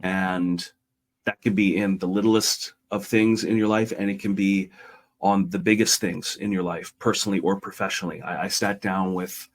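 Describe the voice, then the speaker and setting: Low-voiced guy on a podcast, earnest, tells a parable and does little voices for the people in it. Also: little pitch movement, normal speed. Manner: retells a parable, voicing characters lightly. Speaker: podcast guest, realtor. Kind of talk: earnest conversational storytelling.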